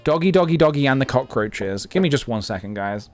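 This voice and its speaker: A man's voice: mid-range voice, lively intonation, fairly quick, soft background music. A young man live-streaming, chatting casually and thinking aloud with lots of fillers as he goes.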